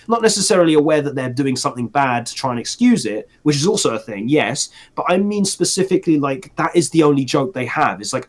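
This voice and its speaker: Ranting young-sounding podcast man. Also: a little high. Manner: ranting, sarcastic, frequent restarts and laughter. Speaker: podcast co-host. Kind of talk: casual chat.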